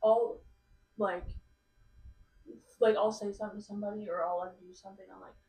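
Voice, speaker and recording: A woman's voice: mid-range voice, little pitch movement, a little fast, dark tone, distant mic. A young adult woman, a podcast guest, chatting casually and rambling through a story with lots of filler words. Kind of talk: casual chat. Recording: roomy sound from off mic.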